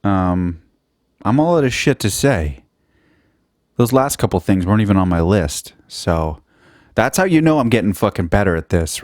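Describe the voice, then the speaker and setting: A man's voice: medium pitch, no echo, studio quality. Sweary man rambling on a solo podcast. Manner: sweary, self-mocking, jumps between topics. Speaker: podcast host.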